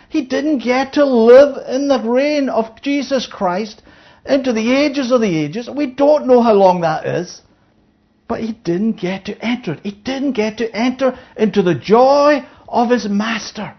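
A woman's fairly high voice comes through dull audio as she gives a conversational Bible sermon. After reading scripture aloud she explains it, regularly asking her listeners "Yeah?"

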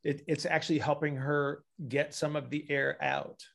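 A man's voice: fairly high pitch, flat delivery, normal speed, gravelly, fairly bright tone. A man talking casually, patiently explaining breathing patterns and acting out sighs to show them. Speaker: breathing expert. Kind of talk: casual advice conversation.

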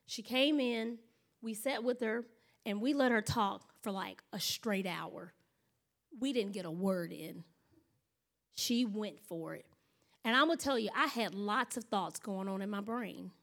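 A woman pastor preaching a sermon in an animated storytelling manner, acting out her own thoughts and laughing often. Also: mid-range voice, unhurried, gravelly.

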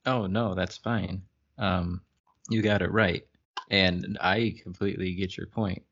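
A man with a very low, gravelly voice co-hosts a casual podcast, reading passages aloud and breaking off to poke fun at them. The recording sounds a little muffled and lo-fi. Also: steady tone, measured pace, a bit bright. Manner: wry, laughs at the text. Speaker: podcast co-host.

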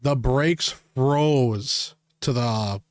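A man's voice: mid-range voice, drawn-out words, no echo. Podcast host, male, crude rant-style storyteller with frequent laughs; dry, close recording. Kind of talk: casual chat.

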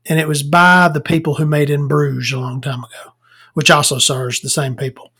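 A woman's voice: low voice, little pitch movement, normal speed, a bit bright, slightly rough. Rambling, cursing woman podcast host. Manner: rambling and profane, stumbling over words. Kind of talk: casual rambling monologue.

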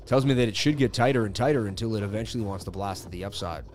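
A man hosting a live crypto chart analysis stream talks very fast in a fairly low, darkish voice, with soft music playing in the background. His casual market commentary is slangy, and he chats and jokes with viewers.

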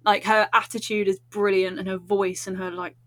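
A woman's voice: mid-range voice, flat delivery, normal speed, no room sound. Woman, podcast guest; bubbly, talkative, laughs a lot, dry close-mic sound. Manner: bubbly, chatty, giggly. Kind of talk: casual podcast chat.

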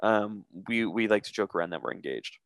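Animated young man telling a story. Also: lowish voice, a little fast, vocal fry, no room sound. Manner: animated, acts out quotes with cursing. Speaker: podcast co-host. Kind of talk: casual storytelling chat.

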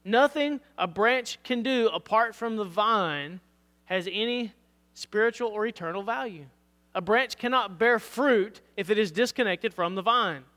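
A man preaching a sermon as pastor, reading scripture aloud and checking in with his listeners, his voice going hoarse. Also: high-pitched, measured pace, sharp tone, big-room sound. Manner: earnest preaching, reads scripture aloud, asks "All right?". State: losing his voice.

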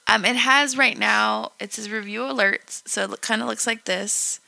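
A woman's voice: on the high side, fairly even intonation, moderate pace, gravelly, sharp tone, no room sound. A young adult woman co-hosting a podcast, chatting casually and swearing now and then. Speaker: podcast co-host.

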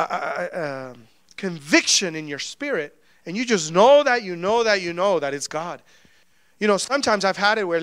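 A man preaching with a high, bright voice, telling stories and voicing each person in them with big swings in loudness. The sound is close and dry, with almost no room around it. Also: clear, resonant tone, no echo. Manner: animated storytelling, acting out quoted dialogue. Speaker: pastor. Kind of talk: sermon.

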